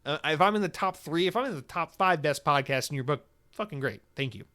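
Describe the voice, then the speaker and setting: Man, podcast host, solo rant, profane, excitable, loud outbursts, slightly high voice. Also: fairly quick.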